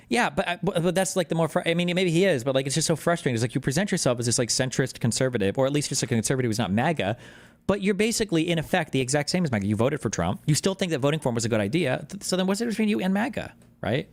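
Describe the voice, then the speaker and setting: A man's voice: fairly high pitch, expressive, very fast. A man in his thirties streaming political reaction commentary, ranting in a heated, profane and exasperated way.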